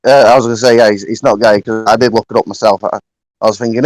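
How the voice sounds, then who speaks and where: Podcast guest, male, low-pitched, halting delivery with many restarts. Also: fairly even intonation, darkish tone, poor audio. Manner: halting, many repeated words. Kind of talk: casual podcast chat.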